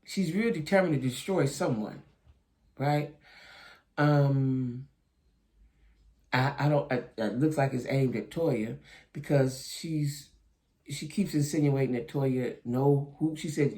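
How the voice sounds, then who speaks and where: Speaking slowly with long pauses, this man has a medium-pitched, darkish voice. He talks directly to "y'all" in his reality show commentary, full of opinions and repeated "right?" and "you know what I'm saying?" check-ins.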